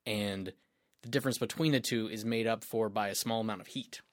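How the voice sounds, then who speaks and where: A man's voice: fairly low pitch, a little fast, no echo, clean studio sound. A man co-hosting a podcast in casual chat, explaining things in a matter-of-fact way, in a small room with sound panels. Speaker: podcast co-host.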